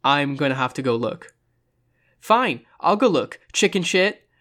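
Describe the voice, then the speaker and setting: A narrator voicing a calm young man camper with a dry, unbothered manner in a horror story. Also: mid-range voice, a little fast, natural voice.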